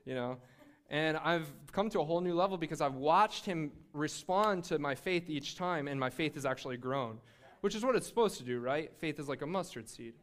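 A man preaches through a personal faith story with lively energy, often laughing and restarting his sentences. His voice sits a little higher than most men's. It has the rhythm of sermon-style storytelling. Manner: animated, laughing, with frequent restarts. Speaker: speaker sharing a faith testimony.

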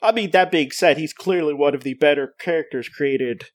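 A man's voice: a little high, normal speed, dry recording. Rambling, filler-heavy man on a podcast. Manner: rambling, full of "like" fillers and restarts. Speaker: podcast co-host. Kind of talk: casual chat.

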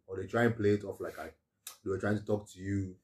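A man's voice: deep voice, steady tone, a little mellow, far from the mic. A man, chatting casually as a podcast co-host and restarting his sentences often. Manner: talks fast with many restarts and fillers. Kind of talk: casual chat.

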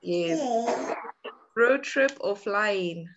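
A woman's voice: medium pitch, lively intonation, extremely slow, dull audio, background noise. A woman hosting a podcast, asking questions in a casual, encouraging way and laughing often. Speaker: podcast host. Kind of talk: casual interview chat.

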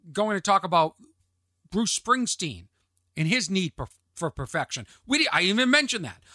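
A man's voice: high-pitched, bright, forceful tone, dry recording. A man hosting a solo comedic podcast from a home studio in a converted camper, rambling and self-mocking with exaggerated pleading. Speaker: podcast host.

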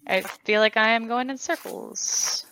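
A woman with a bright, crisp voice talks in a low-key, wry way while playing a horror game. She sounds like a podcast co-host keeping calm under tension. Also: a little slow, slight background noise, low-quality recording. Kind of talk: casual gameplay chat.

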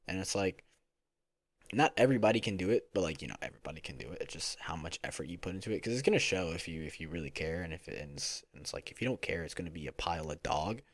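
Low-voiced young man rambling on a podcast. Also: animated, fast, no room sound. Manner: rambling, self-conscious, full of fillers and restarts. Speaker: podcast host. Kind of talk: casual solo podcast chat. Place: home room. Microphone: home recording mic.

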